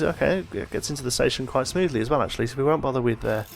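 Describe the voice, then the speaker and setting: A man's voice: mid-range voice, racing, creaky, a little hiss or hum. A tired man hosting a let's play, casually thinking aloud as he plays, with yawns in his voice. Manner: thinking aloud, relaxed and chatty. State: tired, yawning. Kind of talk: casual gameplay commentary.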